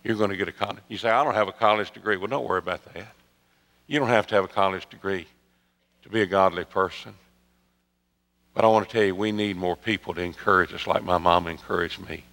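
A man preaching a sermon, telling a story that swings from loud emphatic peaks to soft hushed asides. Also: sits low, a little fast. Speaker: pastor. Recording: long hall reverb.

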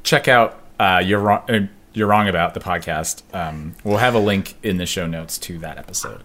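A man's voice: sits low, normal speed, a bit bright. A man co-hosting a podcast in casual chat, rambling and laughing as he talks. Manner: rambling, laughs often, trails off. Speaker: podcast co-host.

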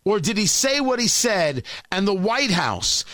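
A man's voice: high voice, big pitch swings, measured pace, a bit bright, no echo, clean studio sound. A man delivering an indignant opinion monologue, sarcastic, sometimes mocking other voices. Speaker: political commentator.

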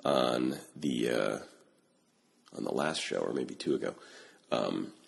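A man's voice: a bass voice, expressive, slow pace, vocal fry, husky. A man hosting a casual tech podcast, rambling with fillers and restarts and laughing often. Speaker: podcast host.

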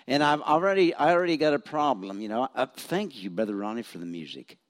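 A man's voice: mid-range voice, expressive, fairly quick. A retired pastor in his seventies from Missouri preaching in a church, telling stories with self-deprecating humor and frequent restarts. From Missouri, USA. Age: 70s. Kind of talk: folksy storytelling sermon.

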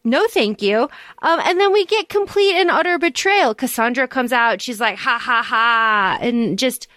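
Casting: woman podcast co-host, animated and profane, high voice, dry close sound. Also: normal speed, no room sound. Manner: animated, swears freely, acts out characters' lines. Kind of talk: casual book discussion.

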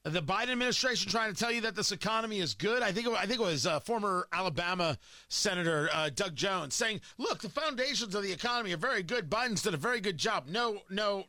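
A man's voice: sits high, pushed and bright, no echo, clean studio sound. A man hosting political commentary, combative and emphatic, firing off rhetorical questions and repeating points for effect.

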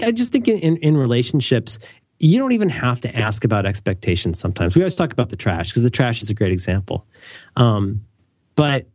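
Animated man in dry close-mic chat. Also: medium pitch, dry recording. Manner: rambling and self-correcting, with wry asides. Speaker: podcast co-host. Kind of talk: casual conversational chat.

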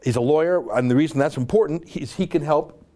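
A male host delivering an opinionated monologue with forceful, emphatic phrasing and rapid asides. His speaking voice sits a little high for a man. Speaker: show host.

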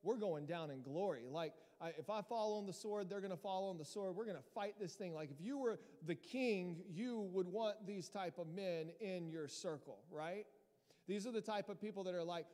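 A man preaching a sermon as pastor, lively and emphatic, rising to loud peaks as he presses his points to the congregation. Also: high voice, moderate pace. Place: church hall. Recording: long hall reverb.

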